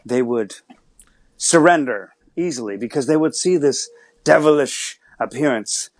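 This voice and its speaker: A man's voice: mid-range voice, animated, a little slow, dry recording. A man playing a friendly pirate captain in a chat, speaking in his everyday voice, hesitant with many fillers. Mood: storytelling. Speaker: pirate character guest.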